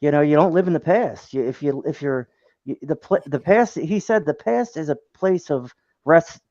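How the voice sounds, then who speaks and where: A man's voice: on the high side, animated, normal speed, darkish tone, no echo, highs cut off. A man hosting a casual podcast chat, encouraging and affirming.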